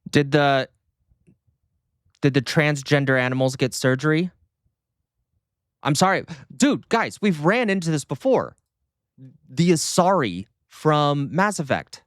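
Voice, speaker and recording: A man streaming casual reaction commentary, talking in an animated, sarcastic and mocking way. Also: on the high side, a little slow, pauses often, dry recording, studio quality.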